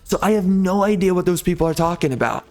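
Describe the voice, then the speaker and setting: A man's voice: sits high, quick pace. Ranting, stammering man gaming host. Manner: angry, profane, stammering repetitions. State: agitated, seething. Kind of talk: ranting commentary over gameplay.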